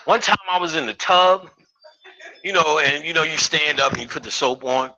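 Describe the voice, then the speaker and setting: Man in his fifties, live lecture, crude jokes with the audience, very bright, forceful voice. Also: on the high side, normal speed, lo-fi sound. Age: 50s. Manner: profane, joking, riffing with the audience. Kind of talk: live comedic spiritual lecture.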